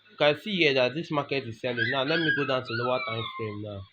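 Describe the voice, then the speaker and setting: A man's voice: mid-range voice, fast talker. Emphatic man teaching trading. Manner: emphatic, repeats points, asks rhetorical questions. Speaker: trading tutor. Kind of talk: screen-recorded trading tutorial. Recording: dull lo-fi recording with faint noise.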